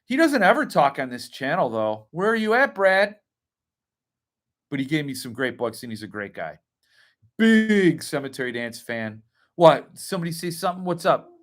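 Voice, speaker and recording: A man's voice: on the high side, sing-song, moderate pace. A man hosting a casual livestream, rambling as he reads and answers chat comments. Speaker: host.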